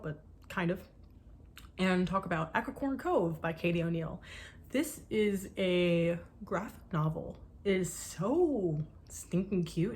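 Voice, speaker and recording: Young woman book vlogger, mid pitch, gushing, faint hiss behind. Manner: gushing, animated, swears casually. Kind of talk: casual chat.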